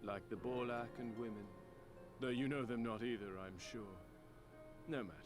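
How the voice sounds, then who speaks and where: An actor playing an arrogant, menacing warlord khan in a game, speaking in a haughty, commanding manner. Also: male voice, medium pitch, normal speed, natural voice. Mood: disdainful. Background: game music.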